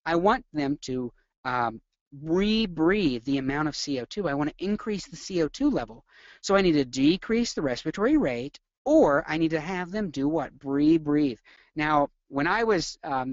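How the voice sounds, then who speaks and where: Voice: mid-range voice, dry recording, lo-fi sound. A nursing lecturer giving a live webinar, full of energy, quizzing the viewers and acting out symptoms.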